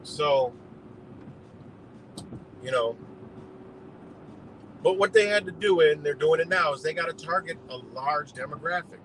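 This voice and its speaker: A man's voice: a little high, a little slow, long pauses, fairly bright tone, a little hiss or hum, low-quality recording. Heated, foul-mouthed ranting man outdoors. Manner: heated, rambling, heavy swearing. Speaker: livestream host. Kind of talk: profane rambling political rant. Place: outdoors beside a road.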